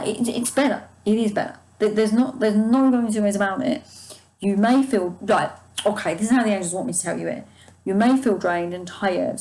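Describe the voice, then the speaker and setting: Woman doing a chatty tarot reading, soothing, keeps trailing off and starting over, mid pitch voice. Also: a little mellow, low-quality recording. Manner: rambling and reassuring, often restarts mid-sentence; soothing, speaks of angels guiding her. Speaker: tarot card reader. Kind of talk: casual spoken tarot reading to viewers.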